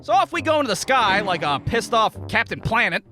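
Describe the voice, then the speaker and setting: A man's voice: high-pitched, very animated, brisk. A man narrating a comedic cartoon story in a crude, sarcastic, swearing way. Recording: background music under the voice.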